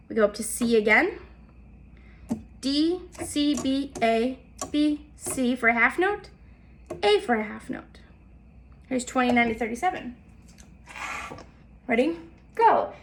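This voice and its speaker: A woman leads a step-by-step music lesson, calling out note names and counting beats patiently. Her voice sits high and sounds bright and crisp. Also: slight background noise. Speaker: music teacher.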